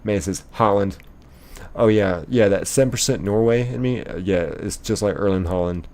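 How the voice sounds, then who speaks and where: A man's voice: on the low side, moderate pace, darkish tone. A young man streaming live, casually reading chat messages aloud and rambling with lots of ums and likes.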